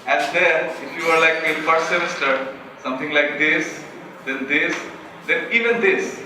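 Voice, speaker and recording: Speaking a little slowly in a slightly high voice, a young man from Bangladesh gives an earnest motivational talk as a student speaker, teasing himself and asking the audience questions, with a Bangladeshi English accent. There is background noise, and the hall sounds echoey and distant.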